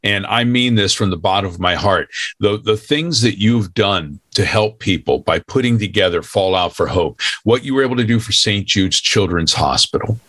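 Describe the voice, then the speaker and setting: A man's voice: on the low side, normal speed, a bit bright, no room sound. A man chatting as a guest on a podcast, speaking earnestly and from the heart. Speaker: guest voice actor. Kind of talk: casual podcast chat.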